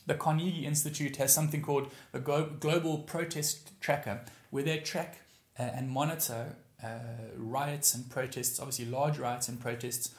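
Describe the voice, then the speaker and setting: A man's voice: medium pitch, reverberant. A man preaching a sermon as pastor, stressing and repeating key phrases.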